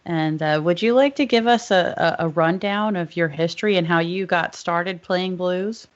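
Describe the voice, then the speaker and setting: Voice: medium pitch, normal speed. Easygoing interview host, lo-fi sound. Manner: easygoing, searching for words. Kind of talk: casual interview. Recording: dull lo-fi sound.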